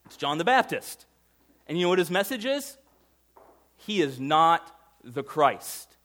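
A man preaching a sermon conversationally, asking his listeners questions and swinging between loud emphasis and hushed intensity. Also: on the high side, big pitch swings, measured pace. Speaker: pastor.

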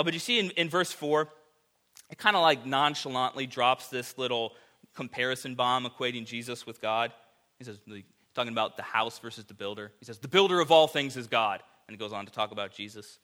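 A man preaching a sermon to his congregation in a conversational, animated way, with casual fillers. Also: medium pitch, fairly quick. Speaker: pastor.

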